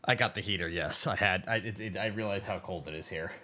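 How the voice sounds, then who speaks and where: A man chatting casually as a co-host on a live stream, relaxed and matter-of-fact. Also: low voice, quick pace.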